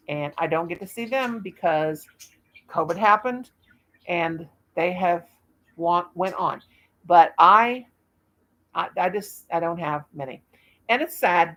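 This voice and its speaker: A woman in her fifties chats casually on a live stream, rambling from one thing to the next in a folksy, good-humored way. Her voice is bright and sharp, with a middling pitch. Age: 50s. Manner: folksy, rambling, laughs at herself.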